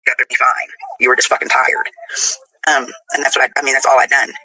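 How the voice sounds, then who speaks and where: A woman with a husky voice tells a rambling personal story in a played clip, laughing as she goes. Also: a bass voice, flat delivery, fast, pushed and bright, no echo, poor audio.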